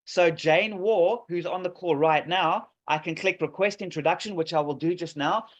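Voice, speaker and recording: This man's pitch is high and his pace moderate as he walks through an app demo over a video call. He's enthusiastic and pushy, stumbling through fillers and false starts, and the call mic makes the audio dull and lo-fi.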